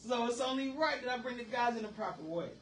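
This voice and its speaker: A man's voice: very high-pitched, fast talker, slight background noise. Hyped-up radio host man, roomy sound. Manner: energetic, slangy, profane. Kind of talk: hype radio hosting. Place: radio studio. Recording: roomy room, distant mic.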